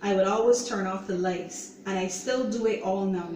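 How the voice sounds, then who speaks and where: A woman hosting her own show, giving an earnest, halting personal testimony and often saying "you know". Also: mid-range voice, darkish tone, slight background noise. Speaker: show host sharing her own story. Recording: roomy echo, voice distant from mic.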